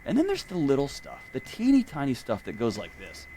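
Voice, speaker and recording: A man, a podcast guest, talking in a casual conversation and telling animated stories. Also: medium pitch, fairly quick, slight background noise. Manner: animated storyteller.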